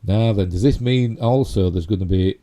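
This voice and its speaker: Low, dark-voiced Yorkshire man rambling. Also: moderate pace. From Yorkshire, England. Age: middle-aged. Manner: rambling, chatty, self-mocking asides. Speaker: YouTube host. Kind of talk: casual live-stream chat.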